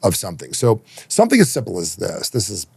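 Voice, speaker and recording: A man coaching on human behavior as a podcast guest, emphatic and persuasive, acting out dialogue in animated raised voices. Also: sits low, fast talker, gravelly, husky, no room sound.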